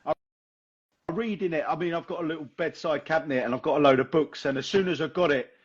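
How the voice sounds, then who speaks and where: A young man hosting a podcast over a video call, tired and hoarse, chatting casually and swearing with a laugh. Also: a little high, a little fast, dull audio. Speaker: podcast host.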